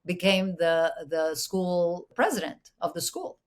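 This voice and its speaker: Animated woman from Mexico, a bit low. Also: slow. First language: Spanish. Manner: animated, full of restarts, playfully mimics voices. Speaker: actress and producer, guest. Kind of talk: conversational interview storytelling.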